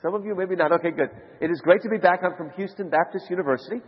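A man giving a conference lecture to a live audience, telling stories in an animated way. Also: rapid-fire, breathy edge. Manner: animated storyteller, rising to high excited shouts. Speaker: conference speaker. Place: large conference hall. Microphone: handheld mic. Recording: lo-fi hall recording with long reverb.

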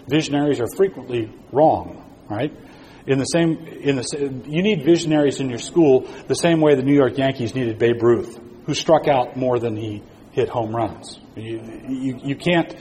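A man's voice: medium pitch, a little mellow. A man giving an earnest sermon-style talk to educators, repeating phrases for emphasis and often restarting his sentences. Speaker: speaker at an educators' conference. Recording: long reverb in a hall with faint noise.

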